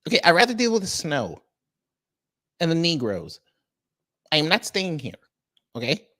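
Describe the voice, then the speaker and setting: A man's voice: huge pitch swings, moderate pace, sharp tone, exaggerated voice. A man voicing a fussy, panicky American woman expat who wants to flee earthquakes. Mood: frantic. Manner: shrill, fussy, frantic.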